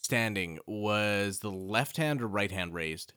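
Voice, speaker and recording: Deep, bright-toned young man explaining. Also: animated, slow pace, smooth, dry recording, studio quality. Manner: knowledgeable, explains with hesitant restarts. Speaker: podcast co-host. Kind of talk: casual chat.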